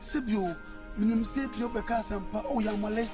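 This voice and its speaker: Guy doing a high-voiced excitable ghanaian suitor, begging and animated, loud film music under him. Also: moderate pace, natural voice. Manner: animated, pleading, switching between Twi and pidgin English. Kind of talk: film drama acting.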